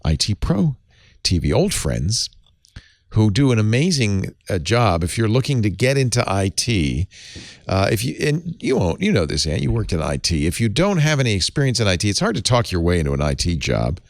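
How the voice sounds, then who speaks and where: A man hosting a casual talk show, lively and chatty, laughing as he reads. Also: on the low side, normal speed, vocal fry, no echo, studio quality. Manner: lively, laughs while reading aloud. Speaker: host. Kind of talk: casual chat.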